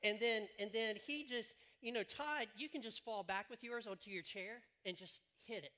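A man's voice: high-pitched, normal speed, sharp tone. A man preaching a sermon from a church stage, telling stories in a joking, rambling way. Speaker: pastor.

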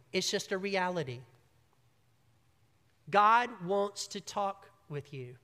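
A pastor delivers an emphatic sermon, building to loud peaks and dropping to hushed, quiet lines. The voice is bright and forceful. A long reverb from the church hall follows every phrase. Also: medium pitch. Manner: emphatic preaching, swinging between loud and hushed. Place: church sanctuary.

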